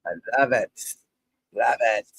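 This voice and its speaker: Gravelly Boston-accented man rambling on stream. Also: medium pitch, takes it slowly, a bit bright, no echo. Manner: rambling, blunt, joking asides to chat. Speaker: golf instructor hosting a live stream. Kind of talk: casual live-stream commentary.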